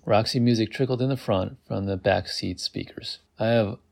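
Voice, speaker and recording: A man's voice: fairly low pitch, normal speed, creaky, darkish tone. A man reading a novel aloud, amused, who stops to comment on the text. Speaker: reader.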